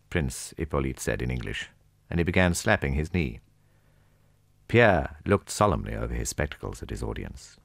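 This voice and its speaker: Deep, gravelly male audiobook narrator. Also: lively intonation, a little fast, no room sound, studio quality. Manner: voices each character in turn. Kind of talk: classic novel narration.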